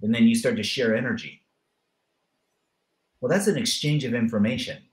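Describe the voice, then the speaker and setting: A middle-aged man guest in a motivational interview who tells lively stories and acts out the people in them with changing voices. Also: medium pitch, normal speed, roomy sound. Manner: lively storyteller acting out dialogue with voice changes. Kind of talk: animated motivational interview talk.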